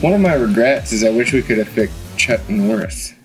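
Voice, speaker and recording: A man's voice: lowish voice, expressive, normal speed, over music, low-quality recording. Teasing man in a band chat. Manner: teasing, playful. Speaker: band member. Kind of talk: casual group commentary. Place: hotel room.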